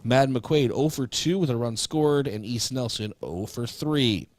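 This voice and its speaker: A man calling local high school baseball on radio, reading stats and chatting casually with fillers. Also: a little slow, dry recording. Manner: relaxed, chatty recap with fillers. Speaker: play-by-play announcer. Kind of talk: local radio sports broadcast.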